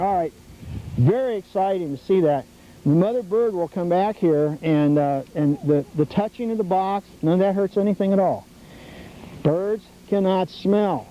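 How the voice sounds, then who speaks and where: Enthusiastic outdoor TV host, mellow voice. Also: male voice, high-pitched, moderate pace. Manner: enthusiastic, coaxing, teacherly. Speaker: TV host leading scouts on a nature walk. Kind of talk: outdoor educational show hosting. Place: outdoors at a birdhouse trail. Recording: dull 1990s public access TV audio with faint noise.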